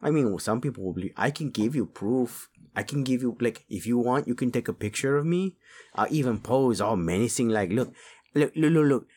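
A man's voice: mid-range voice, animated, normal speed, a little mellow, breathy edge. A man voicing a small, hungry male chupacabra who is cheeky and boastful, slipping Spanish words into his English. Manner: mixes Spanish words into English, whiny and pushy. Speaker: voice performer.

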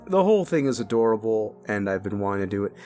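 A man's voice: lowish voice, very animated, fast, dark tone, soft background music. Candid, self-deprecating man chatting casually. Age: adult father. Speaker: content creator talking to his audience. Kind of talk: casual chat.

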